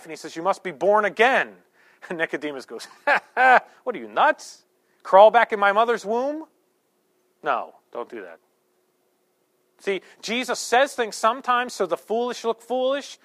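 A man preaching a sermon in a church, conversational and joking, with sudden loud bursts. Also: on the high side. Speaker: pastor. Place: church sanctuary.

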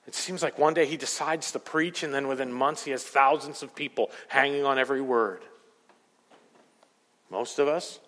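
A man preaching a sermon as pastor, emphatic, swinging between loud rising peaks and quiet low asides. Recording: long hall reverb.

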